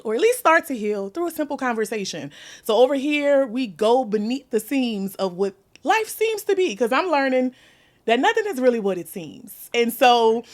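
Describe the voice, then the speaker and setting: This is a woman with a New Orleans accent, in her thirties, leading a heartfelt podcast chat. She speaks openly and laughs often, and her voice rides somewhat higher than most. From New Orleans, USA. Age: 30s. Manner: laughs often, chatty and candid. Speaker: podcast host. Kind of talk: candid podcast conversation.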